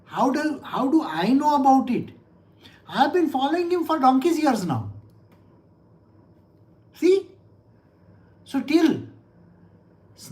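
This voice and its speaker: A man, a spiritual teacher giving an animated scripture lecture full of rhetorical questions. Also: extremely high pitch, rough recording.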